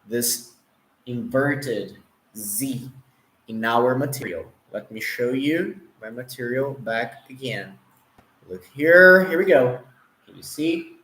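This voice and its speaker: Brazilian-accented male English teacher, unhurried and explanatory, mid-pitched, echoey room sound. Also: fairly bright tone. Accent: Brazilian Portuguese. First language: Portuguese. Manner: slow, explanatory, checks in with viewers, demonstrates sounds. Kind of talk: online pronunciation lesson.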